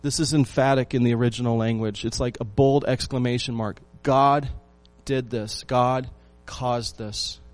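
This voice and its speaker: A male pastor delivering a sermon in an ordinary mid-range voice. He drives his points home with repeated phrases and rhetorical questions to the congregation. His delivery moves between emphatic bursts and quieter, hushed asides. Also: mid-range voice, fairly even intonation, unhurried, hardly any pauses, faint music behind. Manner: emphatic repetition, swings between loud and hushed.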